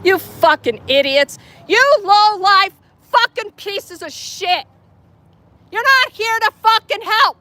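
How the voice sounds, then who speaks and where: A woman's voice: extremely high pitch, lively intonation, slow, sharp tone, no room sound. A woman filming police on a city street, heckling them in a profane, sarcastic way.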